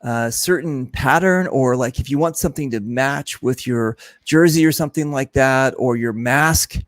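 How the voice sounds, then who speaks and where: A man hosting a casual chat, telling a lively story and acting out what others said. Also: mid-range voice, normal speed, dry recording. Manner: animated storyteller, mimics others in his stories. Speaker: host. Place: event booth.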